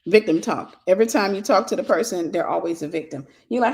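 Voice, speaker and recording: A woman's voice: mid-range voice, quick pace, creaky. A woman talks through a ministry lesson in a casual, conversational way. She often says a line twice to drive it home and fills gaps with easy fillers. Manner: repeats key phrases for emphasis. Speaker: ministry host and teacher. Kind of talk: informal spoken teaching.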